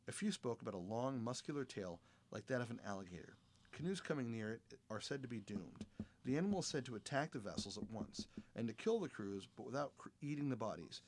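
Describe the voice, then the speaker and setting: Man, podcast host, mid pitch, halting reading, self-corrections, casual chat. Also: expressive.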